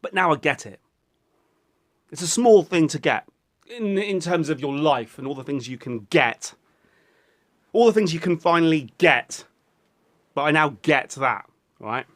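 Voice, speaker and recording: Animated, rambling man vlogging. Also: a little high, a little slow, long pauses. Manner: rambling, goofy, swears often, breaks into silly voices. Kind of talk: rambling casual vlog.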